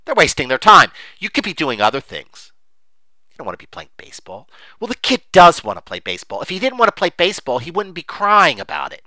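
A man's voice: sits high, wildly swooping pitch, brisk, few pauses, pushed and bright, no room sound. A middle-aged man giving an unscripted, emphatic monologue on investing, rambling with many fillers. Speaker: investing commentator.

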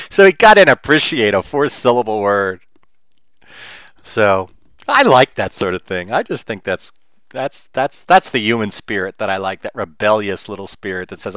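Bright-voiced rambling podcast host man. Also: mid-range voice, expressive, moderate pace, no room sound. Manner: rambling, digressive, chuckling asides. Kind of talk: solo podcast monologue.

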